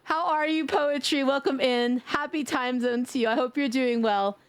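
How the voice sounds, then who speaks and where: A woman's voice: high voice, normal speed, clear, resonant tone. A young woman with a New York accent, chatting playfully on a live stream, joking, swearing and laughing often. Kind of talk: casual live-stream chat.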